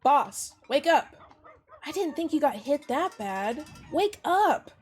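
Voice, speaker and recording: A woman voicing a hearty, joking male city guard who teases his partner loudly in a tabletop game. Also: high voice, expressive, moderate pace, soft background music. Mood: urgent.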